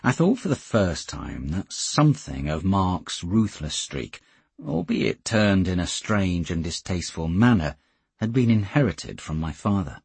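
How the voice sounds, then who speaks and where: Male audiobook narrator, steady and measured, deep and very husky. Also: no room sound.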